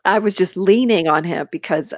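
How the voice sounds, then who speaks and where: Woman, podcast co-host, candid animated storyteller, close dry mic. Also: on the low side, moderate pace, dry recording. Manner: animated, candid, laughs between sentences. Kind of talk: casual storytelling chat.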